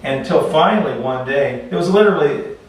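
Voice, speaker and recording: A man teaching a class in a relaxed, conversational way, telling stories and often restarting his sentences. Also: fairly high pitch, a little fast. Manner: conversational, repeats words when restarting. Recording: echoey room, far from mic, faint noise.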